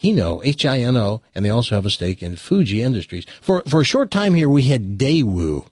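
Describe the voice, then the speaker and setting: A man's voice: medium pitch, sing-song, fairly quick, darkish tone, dry recording, studio quality. A man hosting a talk show, chatting casually, rattling off facts with wry asides and then telling jokes. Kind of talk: casual chat and joke telling.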